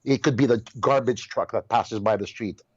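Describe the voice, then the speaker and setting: A man's voice: fairly low pitch, normal speed, breathy edge, no echo, lo-fi sound. A man talking as a guest in a heated casual conversation, telling stories emphatically and restarting his words often. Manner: animated storyteller, repeats and restarts words, exclaims.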